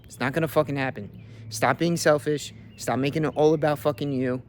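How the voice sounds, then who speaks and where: A young man with a fairly high voice delivers a brash, profanity-laced motivational rant. He talks like a fitness coach pumping himself up. Faint vehicle noise hums underneath. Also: steady tone, fairly quick. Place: in a car.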